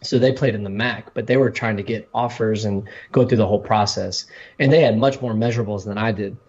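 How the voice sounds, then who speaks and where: A man's voice: fairly low pitch, fairly even intonation, brisk, darkish tone, husky, muffled recording. A man casually telling stories about his college football recruiting, rambling with many restarts. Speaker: podcast co-host, former college football player. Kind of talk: casual podcast storytelling.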